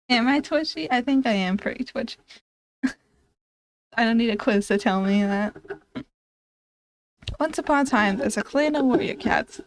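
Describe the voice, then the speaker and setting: Giggly woman reading game text, high voice. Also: no room sound. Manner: giggly, chatty, stumbles over words while reading. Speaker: streamer. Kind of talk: casual let's-play commentary reading game text aloud.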